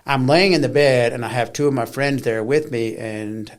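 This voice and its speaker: Middle-aged man, interview guest, lively storyteller who acts out quotes. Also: mid-range voice, moderate pace.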